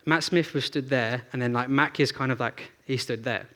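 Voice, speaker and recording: A man's voice: medium pitch, fairly even intonation, moderate pace, fairly bright tone. A young man giving a chatty live presentation on a theatre stage, telling stories and running a demo with plenty of fillers and restarts. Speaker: presenter at a tech event.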